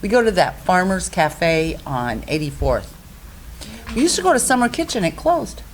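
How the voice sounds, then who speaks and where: A chatty, playful woman co-hosts a community TV talk show, with a voice that sits fairly low for a woman. A faint hum of background noise runs under her voice. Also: very animated, normal speed, low-quality recording. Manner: playful, chatty, laughs easily. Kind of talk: casual banter on a community TV show.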